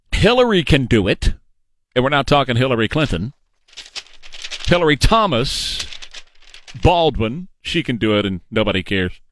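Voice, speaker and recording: A man's voice: a little high, a bit bright, no echo. Opinionated male talk radio host. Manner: opinionated, emphatic, mocking. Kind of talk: political talk radio monologue.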